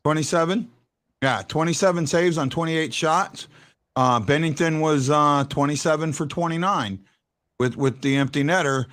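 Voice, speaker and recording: A man with a fairly high, slightly bright voice speaks at a moderate pace. He hosts a casual postgame sports talk show, stammering as he restarts sentences and pressing his points emphatically when he argues.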